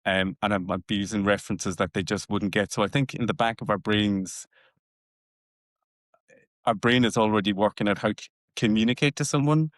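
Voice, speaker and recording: A man's voice: fairly low pitch, moderate pace, no room sound, studio quality. A man from Cork with a Cork Irish accent, co-hosting a podcast in a reflective way, often restarting his words. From Cork, Ireland. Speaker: podcast co-host. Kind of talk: casual chat.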